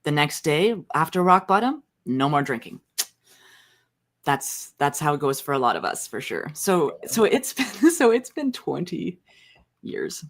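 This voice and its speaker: A woman in her forties co-hosting a casual spiritual talk show, playful and quick to laugh. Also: low-pitched, big pitch swings. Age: 40s. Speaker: co-host, spiritual leader. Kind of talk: casual chat.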